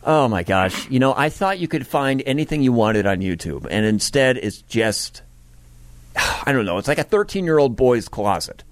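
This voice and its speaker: A man's voice: medium pitch, very animated, moderate pace, no echo. A man hosting a morning radio show, chatting with the weather presenter in a playful, musing way. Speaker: radio host.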